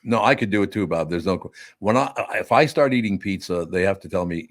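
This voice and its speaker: Older male radio host, low voice, blunt, laughs easily, dry studio mic. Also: lively intonation, a little fast, dry recording. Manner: laughs often, gruff and blunt. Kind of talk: casual studio banter. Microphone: studio microphone.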